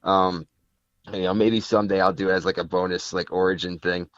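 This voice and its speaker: Low-voiced man, casual guest, lo-fi. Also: little pitch movement, a little fast, no room sound. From Connecticut. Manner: rambling, many fillers and restarts. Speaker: podcast guest. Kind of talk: casual interview chat. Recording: dull lo-fi sound.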